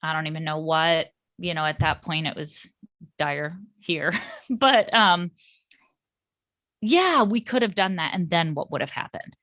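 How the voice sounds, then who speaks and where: Calm lower-voiced middle-aged woman. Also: a little slow, no room sound, studio quality. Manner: calm, reflective, frequent ums. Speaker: podcast co-host and parent. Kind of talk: casual podcast conversation.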